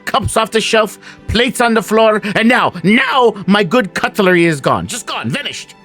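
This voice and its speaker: A man's voice: sits high, expressive, a little slow, a bit bright, faint music behind, pitched above the performer's own voice, full character voice. A man voicing a feisty, indignant small woman in a cottage, scolding and defiant in a tabletop game.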